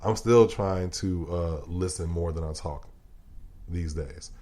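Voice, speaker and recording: A man with a somewhat low voice holds forth as a podcast guest, loose and emphatic. He swears freely and breaks into laughter often in casual conversation. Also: takes it slowly, mellow. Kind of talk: casual chat.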